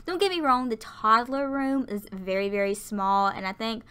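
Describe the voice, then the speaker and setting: A young woman from lower Alabama, chatting and rambling through a casual video game voiceover, audibly out of breath. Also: moderate pace, a bit bright, smooth. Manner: rambling, chatty, lots of fillers. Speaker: Sims build YouTuber.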